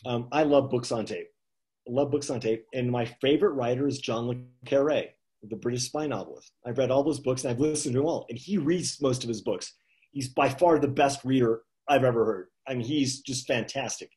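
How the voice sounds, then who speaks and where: Animated man telling stories. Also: mid-range voice, moderate pace. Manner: animated anecdotes with many "you know" asides and chuckles. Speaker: author guest. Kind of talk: casual storytelling on a live video chat.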